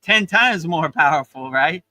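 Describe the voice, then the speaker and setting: A man's voice: on the high side, animated, unhurried, sharp tone, no echo, rough recording. A man hosting a casual spiritual livestream chat, earnest and emotional, often repeating words as he starts a sentence. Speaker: yoga teacher and livestream host. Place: beach in Thailand.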